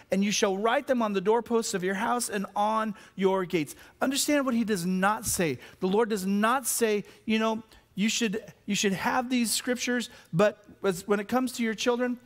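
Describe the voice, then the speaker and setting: A man with a high-pitched voice, an adult with kids, delivers a sermon as pastor. His delivery moves from slow, soft emphasis on key terms to loud, excited outbursts, with frequent stumbles and repetition along the way.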